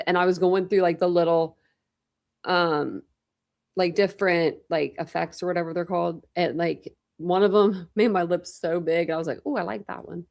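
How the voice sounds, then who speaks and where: Casting note: young woman, low voice with a gravelly fry, rambling casual live-stream chatter. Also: a little mellow. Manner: chatty, rambling, repeats words and restarts. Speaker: true crime channel host.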